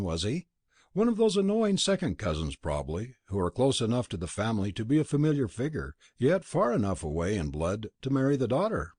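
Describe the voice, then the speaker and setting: A man reading a novel aloud as an audiobook narrator, expressive and dropping low on the speech tags. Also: breathy edge, no room sound, clean studio sound. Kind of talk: scripted narration.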